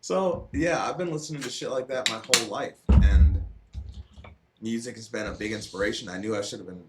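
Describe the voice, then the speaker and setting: A man's voice: lowish voice, fairly even intonation, very fast, over loud music. A young man co-hosting a live stream, chatting loosely and swearing, with lots of laughter. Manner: loose, profane, laughing storyteller. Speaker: stream co-host. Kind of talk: casual stream chat.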